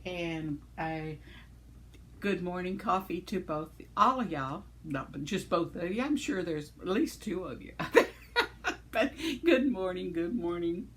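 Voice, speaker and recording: A woman's voice: on the low side, animated, a little slow. A woman, chatting casually as a vlogger, giggly and rambling, with fillers and trailing thoughts. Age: 70s. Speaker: vlogger reading viewer comments. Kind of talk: casual chat.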